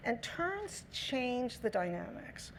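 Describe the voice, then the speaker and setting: Woman giving a lively lecture. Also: a little high, takes it slowly, vocal fry, slight background noise. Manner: lively, acts out quoted dialogue in her talk. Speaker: speaker on negotiation. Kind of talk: lecture talk.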